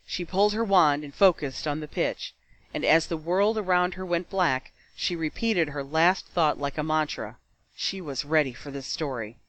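A man narrating a fan fiction story aloud with steady, expressive storytelling. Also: a little high, normal speed, dry recording, low-quality recording. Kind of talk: fan fiction audiobook reading.

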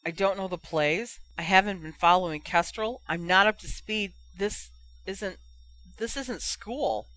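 Reader doing a unsure young guy wizard, slow talker, bright tone. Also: sits high, rough recording. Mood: hesitant. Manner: hesitant, slow.

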